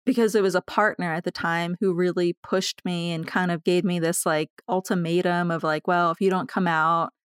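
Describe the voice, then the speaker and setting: A woman who is a podcast guest, telling personal stories candidly, animated and laughing between lines. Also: fairly low pitch, normal speed, hardly any pauses, clear, resonant tone, no echo, clean studio sound. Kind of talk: candid conversational storytelling.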